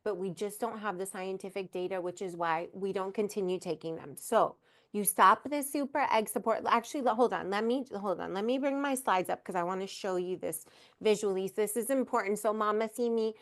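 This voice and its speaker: A woman hosting a live fertility webinar over a video call, talking warmly and emphatically to her listeners. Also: mid-range voice, fairly quick. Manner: warm, effusive, addresses listeners as mama.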